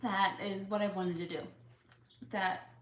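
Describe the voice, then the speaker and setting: A woman's voice: medium pitch, steady tone, unhurried. A young woman with tics chats casually with her viewers, answering their questions with lots of fillers and open feeling. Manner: chatty, with fillers, openly emotional. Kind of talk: casual Q&A chat. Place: home room with a couch. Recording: echoey room.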